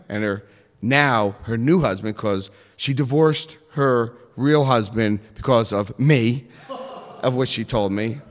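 A man telling a personal story in an animated way, acting out the voices of others. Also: medium pitch, slow pace, big-room sound.

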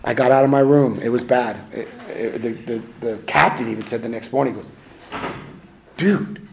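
A man's voice: mid-range voice, steady tone, fairly quick, gravelly, a little hiss or hum, poor audio. A middle-aged man telling stories in a casual, self-mocking way, acting out what people said. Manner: conversational, self-mocking, acts out quotes. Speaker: speaker sharing his story. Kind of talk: casual storytelling talk.

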